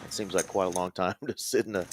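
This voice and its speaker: Deep-voiced man doing poker commentary. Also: fast, slight background noise. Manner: relaxed, conversational, chatty asides.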